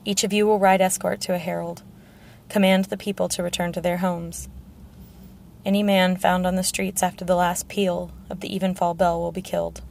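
A sharp-tongued dwarf lord, bitter and scornful, barking orders in a low, gravelly voice, read by a woman. He speaks in a flat, weary drive, cutting people down as he goes. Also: moderate pace, a little hiss or hum. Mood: commanding. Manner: scornful, shouting.

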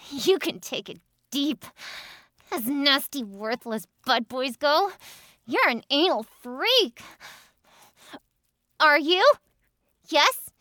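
A woman's voice: sits high, sharp tone, no room sound, clean studio sound, full character voice. A young woman acting a bossy, taunting role in an adult audio role-play, with a mocking, commanding manner. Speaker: voice actor.

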